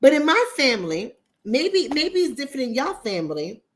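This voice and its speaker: Woman, Bronx accent, livestream host, casual chat, blunt, profane, higher voice, lively pitch. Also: moderate pace. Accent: New York, Bronx. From New York, the Bronx. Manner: blunt, profane, animated, mimics others in high voices. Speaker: relationship coach and livestream host.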